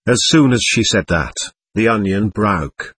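Husky, expressive male audiobook narrator. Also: fairly low pitch, unhurried, no room sound. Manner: expressive storytelling.

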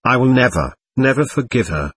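A man voicing the bitter, jealous ghost of a young man, speaking in a stubborn, accusing way with a husky voice. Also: medium pitch, animated, normal speed, fairly bright tone.

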